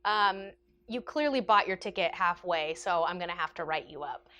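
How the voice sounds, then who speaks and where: A woman voicing a firm but lenient male train conductor who speaks in a calm, matter-of-fact way. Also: fairly low pitch, moderate pace, highs cut off, pitched below the performer's own voice, lightly acted.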